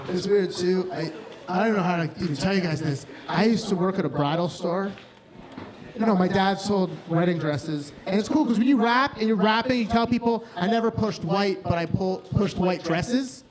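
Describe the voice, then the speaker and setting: On a bar stage before a crowd, a stand-up comedian with a high voice speaks at a moderate pace. His set is crude and rambling, full of self-interruptions, with laughter and bar noise behind him.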